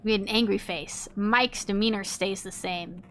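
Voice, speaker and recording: Young woman streaming a game, wry comments, mid pitch, some music behind. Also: moderate pace. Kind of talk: casual gameplay commentary.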